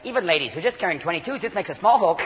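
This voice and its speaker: High-voiced ranting stand-up comic. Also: male voice, animated, big-room sound. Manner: rapid ranting with frequent voices and shouts. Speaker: stand-up comedian. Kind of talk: stand-up routine. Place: comedy club stage. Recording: dull live club recording, audience noise.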